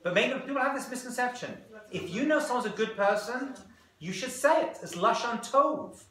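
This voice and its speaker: A British man, a rabbi, giving a lively, joking class and bantering with his audience. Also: very high-pitched. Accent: British English. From Britain. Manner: animated, joking, quick back-and-forth. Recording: echoey room.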